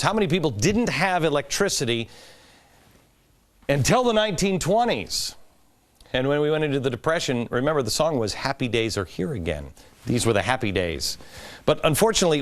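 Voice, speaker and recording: A middle-aged man hosting a talk show, giving an emphatic political commentary monologue. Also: medium pitch. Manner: animated, emphatic, rising to stress points.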